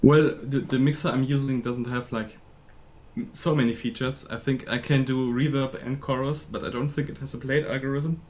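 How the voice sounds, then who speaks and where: A man's voice: medium pitch, fairly even intonation, normal speed, darkish tone. A man asking a question in casual chat, a little hesitant.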